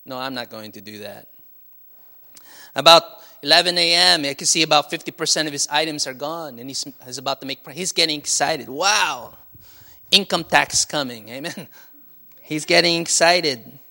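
A man's voice: a little high, normal speed, creaky, bright, forceful tone. A man preaching a sermon as pastor, with frequent call-and-response and light laughter. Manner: call-and-response, asking "Amen?" and laughing often.

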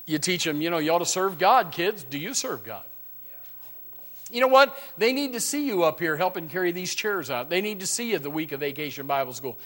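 A man's voice: fairly high pitch, sing-song, fairly quick, sharp tone. A man preaching a sermon, telling rambling folksy stories with many restarts.

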